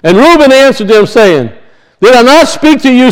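High-voiced man preaching emphatically. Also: lively intonation, brisk, fairly bright tone, clear, resonant tone, low-quality recording. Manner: emphatic, with repeated rhetorical questions. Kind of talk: sermon.

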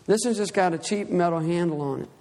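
A man with a notably high voice preaches, moving from a Bible reading into a lively personal testimony. He acts out his own cries as he tells the story. The sound trails off in a long reverb. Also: fast talker.

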